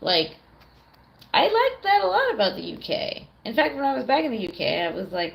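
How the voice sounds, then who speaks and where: A young woman streams casually, answering chat in a chatty way, swearing freely and laughing often. Her voice is a little high and very animated, with vocal fry, at a moderate pace.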